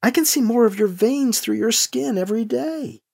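A woman's voice: fairly high pitch, animated, normal speed, gravelly, husky, voice pushed up, exaggerated voice. A reader voicing a worried mother who is anxious about her son. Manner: gentle, anxious concern.

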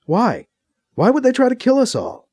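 A man's voice: very high-pitched, huge pitch swings, normal speed, a little mellow, no room sound, studio quality, voice pushed up, exaggerated voice. A man voicing a sarcastic, defensive male ex-assassin.

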